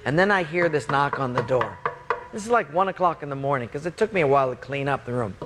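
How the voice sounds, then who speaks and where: A preacher telling a story from the pulpit in an animated, expressive and playful way. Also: male voice, mid-range voice, fast talker, in a large hall, over music. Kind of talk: sermon storytelling.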